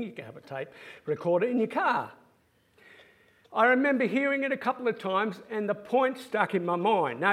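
A man, a former pastoral care pastor, telling stories in an animated sermon-style talk. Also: sits high, husky. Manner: animated anecdotal storytelling.

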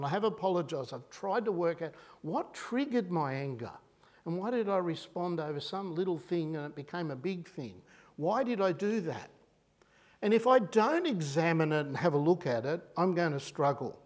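Preaching with animation and an easy, chatty tone, this Australian man fills his sermon with rhetorical questions. His voice runs somewhat high and his pace is moderate.

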